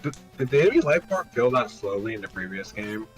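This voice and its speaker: A man's voice: fairly low pitch, quick pace, soft background music. A man chatting casually on a game stream, sharing game trivia. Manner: lively, knowledgeable game trivia. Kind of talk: casual gameplay chat.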